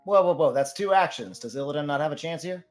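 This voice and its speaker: A man playing a tabletop game, objecting quickly and planning his moves aloud. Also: fairly high pitch, animated, faint music behind. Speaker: player. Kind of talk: casual tabletop game talk.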